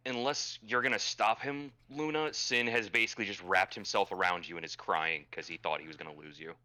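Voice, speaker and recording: A man playing a tabletop role-playing game, describing his character in a wry way. His voice is low but bright and forceful. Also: fairly quick. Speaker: player. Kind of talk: casual tabletop play.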